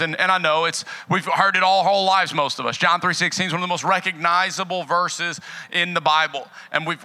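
A man's voice: sits high, rough recording. A young man preaching as a guest pastor, casual and joking with the congregation before moving into a sermon. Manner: casual, joking, lively with the crowd. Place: church sanctuary.

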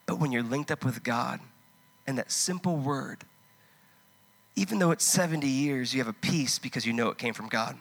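A man preaching a sermon, impassioned and conversational, swinging from loud urging to hushed storytelling. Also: medium pitch, moderate pace. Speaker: pastor.

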